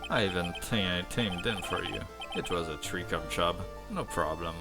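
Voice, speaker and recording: A man voicing a cool, brooding male prosecutor who murmurs his lines in a low, soft voice. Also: moderate pace, over loud music. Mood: smug.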